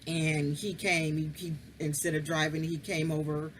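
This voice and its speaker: A woman's voice: low voice, flat delivery, moderate pace, a little hiss or hum. Frank, profane woman telling her story. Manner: frank and profane, swears freely; candid and confiding, speaks straight to the listener. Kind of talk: casual personal storytelling.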